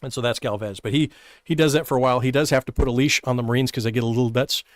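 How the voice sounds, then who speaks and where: A man talks history in a quick, lively stream host's voice, full of asides and little chuckles. He sits close to the mic, and the sound is dry, with no room in it. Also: mid-range voice, dry recording. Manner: fast, conversational, with chuckles and many "right?" asides. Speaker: history show host. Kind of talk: casual live-stream history talk.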